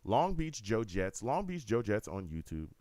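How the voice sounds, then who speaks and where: Speaking at a moderate pace in a lowish voice on a dry recording, this fan call-in radio host chats casually and animatedly. He repeats himself and addresses his listeners directly.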